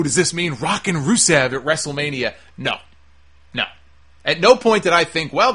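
A man's voice: mid-range voice, bright, forceful tone. A man giving a casual, opinionated monologue reviewing a wrestling show, sarcastic and swearing freely.

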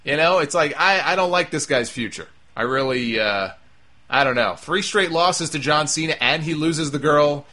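A man's voice: a little high, expressive, moderate pace, bright, forceful tone. A man giving an opinionated, rambling solo commentary on pro wrestling, emphatic and full of restarts. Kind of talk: casual opinion monologue.

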